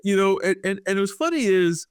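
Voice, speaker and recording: A man co-hosting a podcast, talking through a comic with many halting restarts. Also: high-pitched, lively intonation, clean tone, no room sound, studio quality. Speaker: podcast co-host. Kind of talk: casual comic-book discussion.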